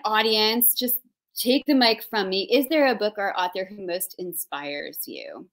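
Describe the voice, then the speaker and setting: A woman's voice: mid-range voice, expressive, a little slow, a bit bright. A woman hosting an interview over a video call, playful, chatty and self-mocking. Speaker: host. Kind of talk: interview, casual chat.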